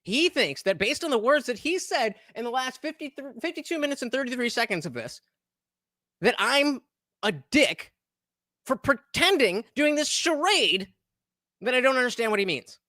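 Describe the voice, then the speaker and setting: A woman's voice: on the high side, very animated, normal speed, a bit bright, no room sound, studio quality. A woman hosting a live stream, heatedly commenting on a debate clip in a profane, exasperated, argumentative way. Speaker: streamer host reviewing a debate.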